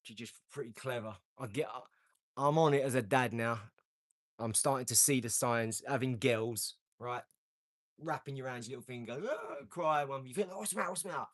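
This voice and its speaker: A man, hosting a casual live stream, brash and boastful, with slang and swearing, swinging from loud outbursts to low mumbling. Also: normal speed. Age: 40s.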